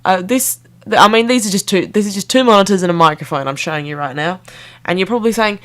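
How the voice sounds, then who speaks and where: A woman's voice: mid-range voice, quick pace, a bit bright. A young woman, rambling casually to camera in a playful, self-mocking way that jumps between tangents. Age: young adult. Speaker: vlogger.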